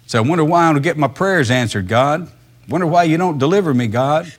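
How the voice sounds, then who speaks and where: A man's voice: fairly high pitch, fairly quick. Man, pastor, casual emphatic sermon, rhetorical questions.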